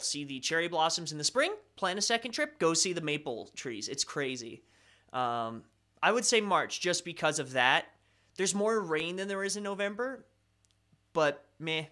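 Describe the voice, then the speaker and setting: Give me a young man chatting casually on a home live stream, with a somewhat high, bright voice and a loose, self-mocking way of talking. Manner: chatty, self-deprecating, rambling with restarts. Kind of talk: casual live stream chat, reading comments.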